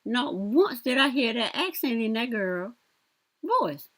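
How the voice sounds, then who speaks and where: A woman's voice: on the high side, sing-song, slow. A young woman giving casual reaction commentary, blunt and sassy, talking back at the clips she plays. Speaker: commentary vlogger.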